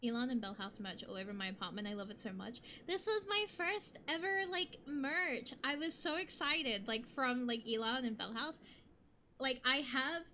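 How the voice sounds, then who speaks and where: A woman's voice: sits high, normal speed, bright, forceful tone, slight background noise. A young adult woman streamer chatting casually with her viewers, bubbly and rambling, often laughing.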